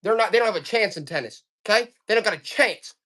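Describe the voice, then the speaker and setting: A woman selling items on a live stream auction in fast, joking, hyped-up sales patter, coughing now and then. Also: mid-range voice, lively intonation, fairly bright tone. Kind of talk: casual live selling banter.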